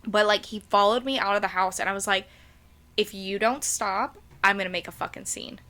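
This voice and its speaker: A woman's voice: mid-range voice, brisk. A young woman co-hosting a casual podcast, telling a dating story with lots of acted-out quotes and frequent swearing. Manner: animated, acts out quotes, swears freely. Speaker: podcast co-host.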